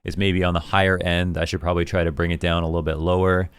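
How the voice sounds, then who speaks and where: A man, an esports caster, thoughtfully reviewing his own commentary in a deep voice, enunciating carefully. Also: flat delivery, fast, clean tone, dry recording. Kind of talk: reflective self-review.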